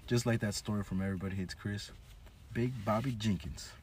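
Deep-voiced joking man, distant mic. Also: a little fast. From United States. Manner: animated, joking, swearing freely. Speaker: podcast co-host. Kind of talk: casual chat. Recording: distant mic with background hiss.

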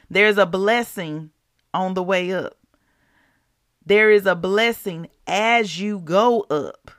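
A woman's voice: lowish voice, a bit bright, dry recording, studio quality. A woman hosting a devotional podcast, chatting casually and asking the listeners rhetorical questions.

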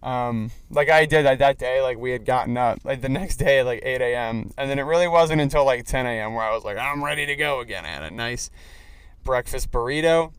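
A man's voice: medium pitch, fairly quick, clear, resonant tone, dry recording. A young man hosting a casual solo podcast while driving, rambling and joking with lots of fillers. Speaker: podcast host. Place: car on the road. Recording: faint vehicle noise. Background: car driving noise.

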